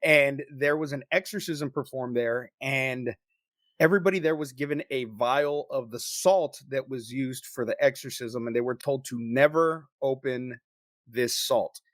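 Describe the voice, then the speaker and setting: Profane, animated male podcast storyteller. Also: medium pitch, a little slow, dry recording, clean studio sound. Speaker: podcast co-host.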